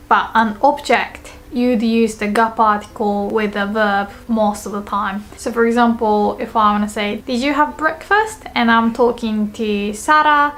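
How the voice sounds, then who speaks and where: A woman giving a language lesson, explaining grammar and repeating each example phrase slowly and carefully. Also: fairly high pitch. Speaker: Japanese teacher.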